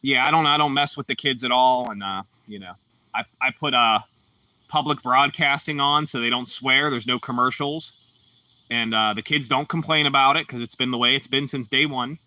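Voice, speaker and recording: A man's voice: medium pitch, normal speed, bright, forceful tone, dry recording, far from the mic. A man from Pittsburgh, chatting casually on a livestream and reading out chat comments in a laid-back, rambling way with lots of fillers. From Pittsburgh, Pennsylvania. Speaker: livestream host.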